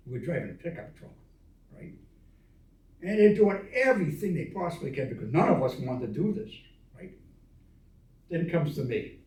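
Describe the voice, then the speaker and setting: Older man spinning a yarn in a roomy space. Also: medium pitch. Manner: animated yarn-spinner who acts out quoted dialogue with chuckles. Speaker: veteran interviewee. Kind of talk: casual storytelling of memories. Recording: roomy echo, voice from a distance of the mic.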